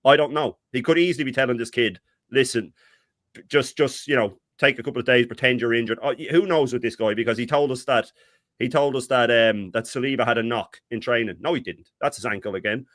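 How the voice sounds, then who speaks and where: A man's voice: medium pitch, brisk, fairly bright tone, no room sound, clean studio sound. Exasperated man ranting on a fan show. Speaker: co-host. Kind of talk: heated fan talk.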